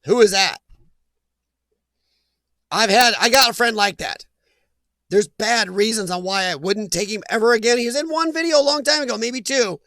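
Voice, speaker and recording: A man's voice: very high-pitched, fairly quick, bright, forceful tone, dry recording. A man hosting a casual live chat, reading viewer names aloud and laughing often. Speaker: livestream host reading chat.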